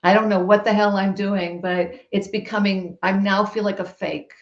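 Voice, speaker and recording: Animated woman telling a story, roomy. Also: mid-range voice, normal speed. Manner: animated, emphatic storytelling with laughs. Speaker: guest. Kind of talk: storytelling in a podcast conversation. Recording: roomy, dull-sounding recording.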